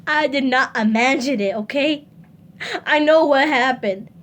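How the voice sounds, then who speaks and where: A woman's voice: high-pitched, a little slow, fairly bright tone. A woman vlogger telling a personal story to her viewers, earnest and close to tears, repeating herself as she speaks straight to them.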